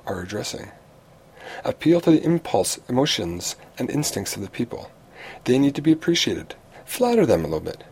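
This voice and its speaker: A man with a husky, somewhat breathy voice reads a prepared lesson on public speaking. His pitch sits in an ordinary middle range, and his delivery is measured and instructive, with the occasional small restart. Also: darkish tone. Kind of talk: reading a prepared talk.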